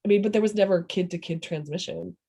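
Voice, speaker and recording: Husky rambling Midwestern mother. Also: lowish voice, fast talker, dark tone. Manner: rambling, self-interrupting, laughs often. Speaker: interviewee, parent. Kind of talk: casual oral history interview.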